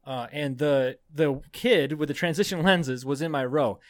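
A young adult man, a podcast co-host, spins a loose, rambling story in casual chat, swearing freely and breaking into laughter. His voice sits somewhat high for a man. It is recorded close and dry, with no room sound. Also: unhurried, no echo.

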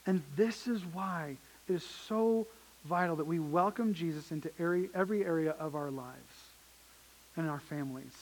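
A man's voice: a little high, normal speed, rough recording. A man preaching a sermon as pastor, earnest and emphatic, often repeating his phrases.

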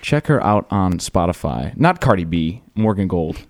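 A man's voice: deep voice, moderate pace, slight background noise. A young man hosting a college radio show, chatting casually and jokingly with a guest in the studio. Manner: joking, rambling, animated.

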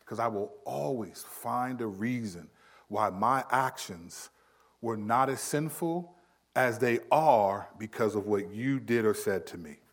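A man in his thirties preaching a sermon in a conversational style, acting out quick quotes. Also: mid-range voice. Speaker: pastor.

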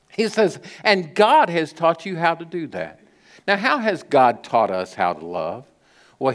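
A middle-aged man preaching a sermon as pastor, telling stories and stressing key words with sudden lifts and soft drops. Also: medium pitch. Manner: storytelling preacher with emphatic rises and soft drops.

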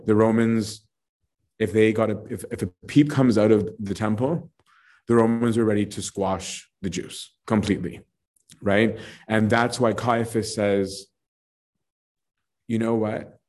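A man's voice: fairly low pitch, steady tone, measured pace, a little mellow. A man leading an informal bible study, talking conversationally and often checking in with "right?" and filler words. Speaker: teacher of a scripture study.

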